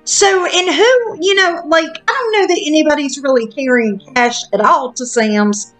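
A woman telling a story in a casual, frank, animated chat, with lots of fillers. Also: sits high, normal speed, soft background music.

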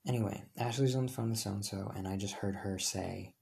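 A young man telling a personal story in a casual, rambling way, full of fillers and quick self-corrections. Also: fairly low pitch, fairly even intonation, gravelly, darkish tone, a little hiss or hum. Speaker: high school student telling a personal story.

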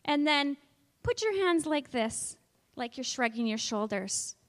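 A woman's voice: sits high, animated, unhurried, dry recording. A woman teaching a Bible lesson to children in a coaxing way, asking them questions and inviting them to join in.

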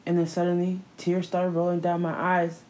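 A woman telling a story in a casual chat, profane and animated, often breaking into laughter. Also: fairly low pitch, moderate pace, low-quality recording.

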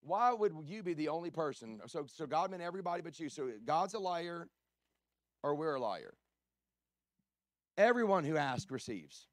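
A male pastor preaching a sermon, swinging from loud preaching to hushed storytelling and often clearing his throat. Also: fairly high pitch, expressive, a little fast, dry recording. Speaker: guest pastor.

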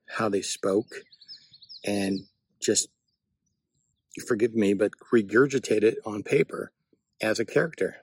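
A man shares writing advice outdoors in a loose, reflective monologue, drifting from thought to thought. His voice is husky and sits fairly low, and the sound is dry and close with little room echo. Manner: reflective, meandering. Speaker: writer giving writing tips. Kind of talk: casual spoken monologue. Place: outdoors, not in a studio.

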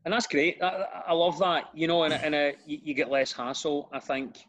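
A middle-aged comedian and radio presenter with a Glasgow accent, chatting easily in a podcast interview and telling self-deprecating stories. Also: male voice, on the high side, brisk, a bit bright, highs cut off. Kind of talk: casual podcast chat.

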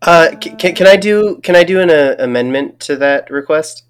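A man's voice: on the high side, normal speed, clean tone. A man joking in casual podcast chat, stammering and restarting as he talks.

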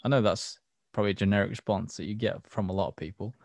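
Brief: male co-host, relaxed short answers, slightly low voice. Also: quick pace, gravelly, no echo. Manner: laid-back, brief answers. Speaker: podcast co-host. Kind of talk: casual chat.

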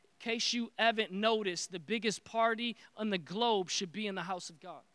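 A man preaching a sermon with energetic, repetitive call-and-response phrasing. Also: high-pitched, moderate pace, no echo. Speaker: pastor.

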